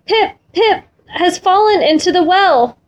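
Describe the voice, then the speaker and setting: A woman's voice: sits high, a little slow, dull audio. A woman voicing a frantic little boy in a storybook, breathless and pleading as he stumbles over a long name.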